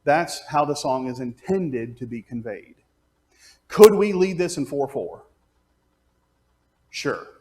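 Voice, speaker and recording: A man teaching a class on leading congregational singing, explaining step by step and singing out pitches and counting beats aloud. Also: lively intonation, slow, pauses often, a little mellow. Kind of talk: hands-on music class teaching.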